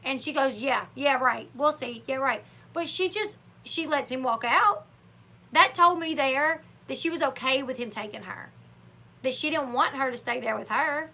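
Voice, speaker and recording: Bright-voiced chatty woman with a twang. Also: high voice. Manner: chatty, opinionated, acts out quotes in animated voices. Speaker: livestream host. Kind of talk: casual live chat commentary.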